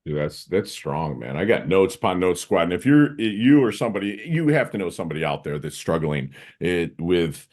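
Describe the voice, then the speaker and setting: Lively, slangy American host, low voice. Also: male voice, moderate pace, hardly any pauses. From United States. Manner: loose, rambling, slangy. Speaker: podcast host. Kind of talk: casual interview chat.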